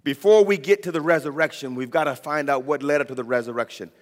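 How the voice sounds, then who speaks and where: A man preaching a sermon, telling the story dramatically and building up to shouted points. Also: a little high, fast talker. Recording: long reverb of a large hall.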